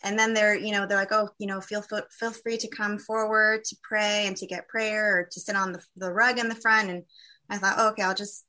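A woman with a bright, forward voice and middle pitch tells her faith story as a guest. She talks candidly and haltingly, with many fillers and restarts. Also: level tone. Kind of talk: personal testimony in a conversation.

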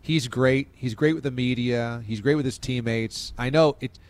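A man's voice: normal speed, no echo. A man hosting a sports talk show, chatting casually and enthusiastically with his co-hosts. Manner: animated, enthusiastic, pitch swings. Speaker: show host.

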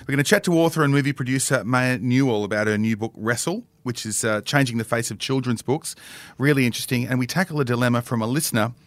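A man's voice: medium pitch, quick pace, no echo. A middle-aged man co-hosting a podcast in casual chat, playful and jokey. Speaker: podcast co-host.

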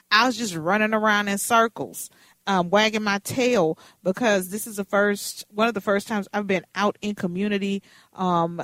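A woman in her fifties, a radio host, telling a story in a lively, dramatic, playful way. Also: medium pitch, dry recording. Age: 50s.

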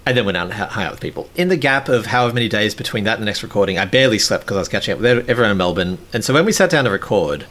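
Male podcast host, candid storytelling, self-critical, swears freely, expressive pitch that rises and falls a lot. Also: rapid-fire, few pauses.

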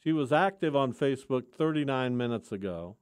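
A man's voice: mid-range voice, animated, fairly quick, smooth, dry recording, clean studio sound. A man hosting sports talk radio, teasing his co-hosts in mock-indignant banter. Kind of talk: casual sports radio chat.

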